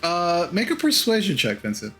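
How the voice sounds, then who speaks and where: A man narrating a tabletop game as game master, halting, with many fillers and restarts. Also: high-pitched, wildly swooping pitch, a bit bright, soft background music.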